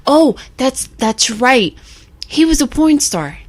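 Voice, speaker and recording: A woman's voice: high-pitched, very animated, slow pace, a crowd in the background. A woman co-hosting a casual podcast with her boyfriend, chatty and easygoing. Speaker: podcast co-host. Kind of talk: casual banter.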